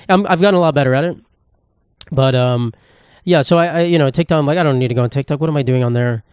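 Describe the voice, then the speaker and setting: A young comedian hosts his own podcast in a casual solo monologue, rambling, putting himself down, and swearing freely. His voice is a little high with a darkish tone, captured in a dry, studio-quality recording.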